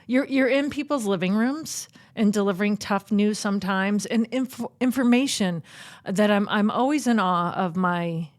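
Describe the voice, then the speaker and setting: Woman from boston hosting a podcast, animated storyteller, laughs a lot, middle pitch. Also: normal speed. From Boston area. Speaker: podcast host. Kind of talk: casual chat.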